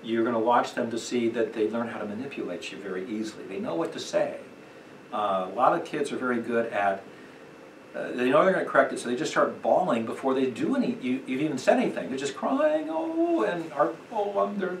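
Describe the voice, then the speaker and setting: A man's voice: medium pitch, fast. A middle-aged man teaches a church parenting class in an easy, conversational way, full of fillers and asides. His voice sits mid-range. It comes from a distant mic in an echoey room with a noisy hiss behind it. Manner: conversational, with lively acted quotes and fillers.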